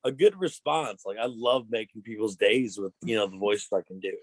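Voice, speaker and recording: A man's voice: lowish voice, normal speed, no room sound. A young adult man, a pro wrestler, chatting casually as an interview guest, laid-back and slangy with frequent restarts.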